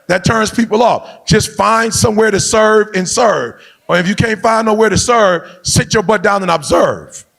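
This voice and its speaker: A middle-aged man speaking, giving a motivational speech in a preachy style that swings between loud riffs and low, intimate asides. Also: gravelly.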